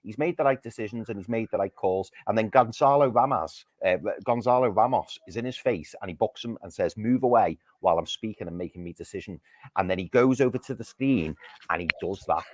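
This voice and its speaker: A man's voice: fairly low pitch, a little fast. A man ranting furiously after a football match on a livestream from his living room, swearing and repeating himself for emphasis. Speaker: football podcast co-host. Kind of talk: heated post-match fan chat on a livestream.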